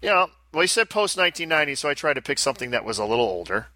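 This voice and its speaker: A man's voice: medium pitch, sing-song, rapid-fire, bright, forceful tone, no room sound. A man co-hosting a casual pinball podcast, joking and self-deprecating in loose banter. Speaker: podcast co-host.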